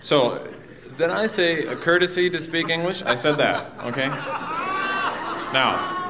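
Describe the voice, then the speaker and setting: A man doing a stand-up comedy routine, telling a travel story with lively delivery and mock foreign accents, while an audience laughs. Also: on the high side, unhurried. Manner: animated storytelling, mock French and Spanish accents. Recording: roomy, distant live recording with noise.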